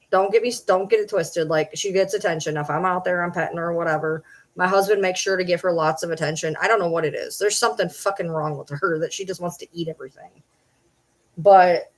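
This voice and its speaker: A woman vlogging from home, ranting in a frustrated, repetitive way and swearing freely. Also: fairly low pitch. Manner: frustrated, swearing, repeats herself. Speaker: vlogger and livestreamer. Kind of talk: casual rant to camera.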